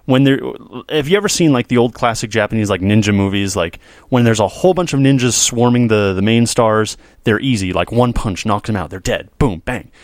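Playful low-voiced male podcast co-host. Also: brisk, hardly any pauses, no room sound, clean studio sound. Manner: playful, tells jokey stories with lively asides. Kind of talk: casual chat.

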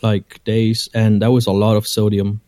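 A man's voice: fairly low pitch, monotone, normal speed, dark tone, no echo. A man who is a guest on a podcast, telling puns and amused at himself in casual chat. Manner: punning, self-amused.

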